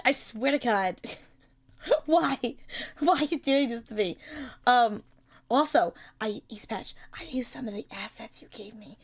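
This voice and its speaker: A woman streaming live in casual chat, excitable and laughing often, with bursts of mock-outraged swearing. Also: high voice. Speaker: streamer hosting a chat with creators.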